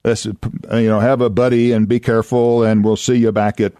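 A man's voice: fairly low pitch, flat delivery, a little fast, dark tone, clean tone, no room sound, clean studio sound. An older man from Oklahoma, a radio host and former youth minister telling folksy anecdotes, chuckling and acting out voices. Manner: chuckling, acts out voices in his stories.

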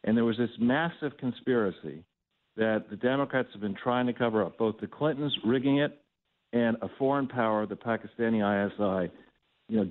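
Man on a tinny phone line. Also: mid-range voice. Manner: rambling, roundabout, frequent fillers. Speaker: phone-in guest. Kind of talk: talk radio commentary. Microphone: telephone.

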